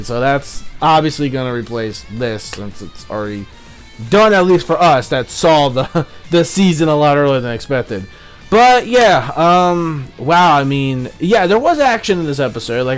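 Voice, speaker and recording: Excitable rambling young man reviewing cartoons. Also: fairly high pitch. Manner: excitable, rambling, lots of fillers, swears freely. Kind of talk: casual spoken review.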